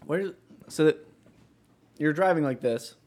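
A man co-hosting a podcast in casual chat, cutting in with quick questions and jokes. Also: on the high side, darkish tone. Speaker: podcast co-host.

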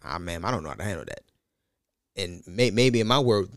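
A man with children, in casual chat, blunt and profane, telling stories with lively delivery. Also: sits low, brisk, no room sound, clean studio sound. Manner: blunt, profane, animated, laughs at his own jokes.

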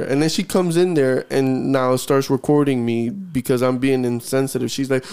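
Guy on a podcast telling a crazy work story, kinda gravelly, does all the voices. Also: mid-range voice, moderate pace, hardly any pauses. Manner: animated storyteller acting out both sides. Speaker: podcast co-host. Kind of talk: casual storytelling chat.

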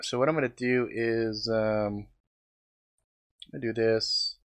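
A man chatting casually on a live stream, rambling with lots of fillers and swearing, breaking into loud exclamations as he tastes snacks. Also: on the low side, steady tone, a little slow, clear, resonant tone.

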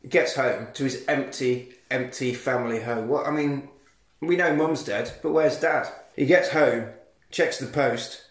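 A man's voice: medium pitch, unhurried, reverberant. Sweary man recapping a film. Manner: sweary, acts out characters in silly voices. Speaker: podcast co-host. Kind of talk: casual comedic film recap.

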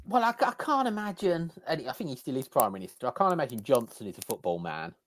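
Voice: medium pitch, very animated, quick pace. A co-host in casual podcast chat, wry and playful with a joking tone. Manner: wry, playful, laughs often.

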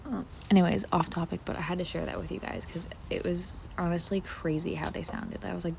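Brisk and creaky, with a lowish pitch, a young woman's voice rambles through her casual podcast, full of fillers and free swearing. She's recording outdoors in a backyard, and faint outdoor noise can be heard.

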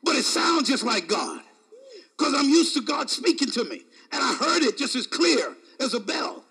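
A man preaching with a high, bright voice that leaps up and down across a wide range. His delivery is dramatic, moving from near-shouts to hushed asides, with frequent chuckles between phrases. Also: sing-song, normal speed, gravelly, breathy edge. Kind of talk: sermon.

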